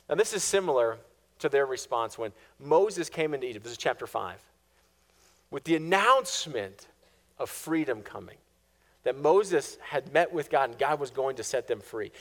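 A male pastor preaching a sermon in an animated, storytelling way with touches of sarcastic humor. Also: fairly high pitch.

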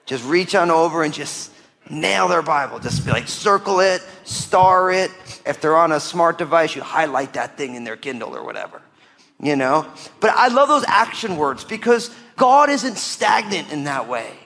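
A man's voice: a little high, lively intonation, moderate pace, vocal fry, a bit bright, long reverb tail. A man preaching a conversational sermon as pastor, asking rhetorical questions and speaking directly to his congregation.

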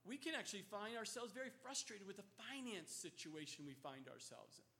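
A man preaching a sermon as pastor, earnest, dropping to soft low asides and rising for emphasis.

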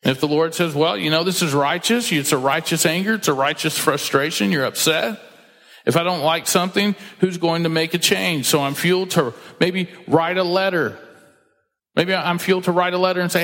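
A man preaches in a sermon, emphatic and direct, slipping into quoted voices to make his points. His voice sits fairly high. It rings with the long reverb of a church hall. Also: moderate pace, a bit bright. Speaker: pastor.

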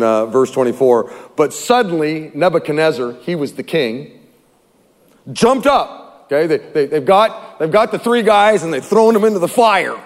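Animated male pastor preaching in a hall. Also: on the high side. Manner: animated, acts out scripture voices, swings from loud to hushed. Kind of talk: sermon.

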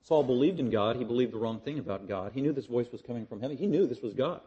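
A man preaching an expository sermon, emphatic and repetitive, swinging from loud declarations to hushed asides. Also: mid-range voice, lively intonation, quick pace, lo-fi sound.

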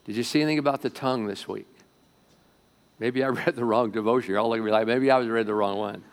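Animated male pastor preaching a sermon. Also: medium pitch, fast. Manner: animated, swinging between loud emphasis and quiet asides; talks directly to the congregation, asking questions. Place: church sanctuary before a congregation.

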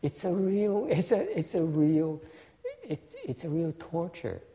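Vietnamese-accented monk in a reverberant hall. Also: male voice, fairly high pitch, measured pace. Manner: animated, laughing, stammers and repeats words. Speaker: Buddhist monk teacher. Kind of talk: casual dharma talk.

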